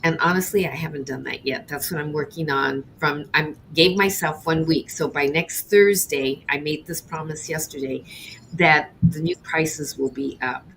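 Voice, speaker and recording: A woman's voice: low voice, moderate pace, a little hiss or hum. A middle-aged woman, a baker, candidly telling a personal story on an interview show and acting out the voices of people she quotes. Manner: animated, acts out quoted voices. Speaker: guest, cheesecake baker.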